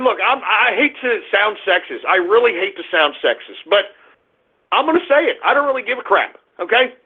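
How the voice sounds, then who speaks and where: A middle-aged man hosting a radio show, ranting angrily and often breaking into shouts. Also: sits high. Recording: tinny phone-like audio.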